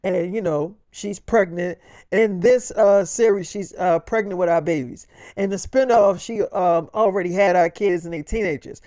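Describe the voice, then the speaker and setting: A man's voice: high-pitched, normal speed, dark tone, no room sound, studio quality. A man telling an improvised story in a casual, rambling way and swearing a lot.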